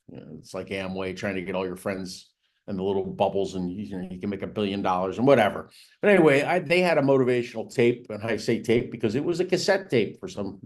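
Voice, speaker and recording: A real estate trainer with a fairly low, slightly mellow voice runs a seminar on business planning. He keeps things conversational, peppering his talk with "right?" and "again." Important points come with rising emphasis.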